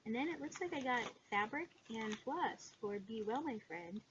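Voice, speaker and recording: A woman chatting casually in a haul video, gushing with excitement and filling pauses with "um". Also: a little high. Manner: excitable, gushing, many fillers. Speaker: cross-stitch vlogger. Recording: dull lo-fi sound with background noise.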